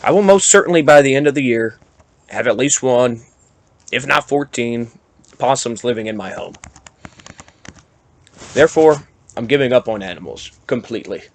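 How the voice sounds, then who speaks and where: Male podcast host, mid-pitched, rambling and self-deprecating, gets animated when worked up. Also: normal speed, long pauses. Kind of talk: casual monologue.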